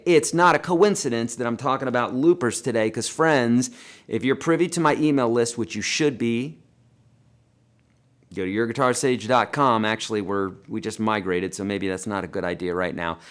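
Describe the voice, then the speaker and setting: A man hosting a live guitar lesson and Q&A, chatty and animated, talking to viewers as friends and reading their questions aloud. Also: medium pitch, normal speed. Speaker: guitar teacher hosting a livestream.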